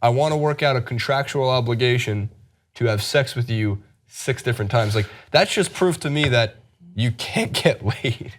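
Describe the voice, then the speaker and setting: A man's voice: mid-range voice, normal speed, a little hiss or hum. Joking man hosting a news chat. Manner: wry, joking delivery with frequent fillers. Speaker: sports news show host. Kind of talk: casual news commentary.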